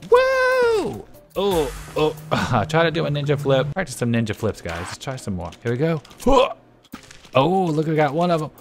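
A man commentating a video game, talking animatedly to his viewers and laughing often. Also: medium pitch. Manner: animated, talks to viewers, frequent laughing exclamations. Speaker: gameplay commentator. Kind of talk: let's play commentary. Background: game music.

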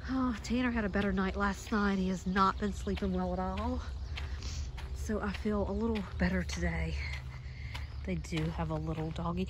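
A woman's voice: medium pitch, normal speed, slight background noise. A woman, chatting casually while walking a trail and a bit out of breath. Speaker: vlogger. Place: outdoors on a gravel trail. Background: birds singing, outdoor ambience.

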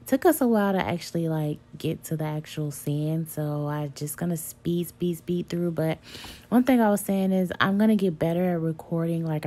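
A woman's voice: low voice, mellow. Chatty woman vlogging her trip. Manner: chatty, gushing, apologetic asides. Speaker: travel vlogger. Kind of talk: casual vlog narration.

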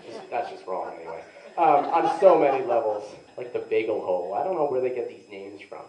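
A young adult male stand-up comic with a mid-range, expressive voice tells stories briskly at a live comedy venue, rambling, mocking himself, and using "like" heavily. The lo-fi recording is echoey, the mic sounds distant, and a crowd can be heard in the background.

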